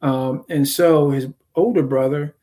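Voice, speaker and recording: A man's voice: mid-range voice, fairly even intonation, unhurried, mellow. Male host, informal sermon storytelling, keeps checking in with listeners. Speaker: teacher and channel host.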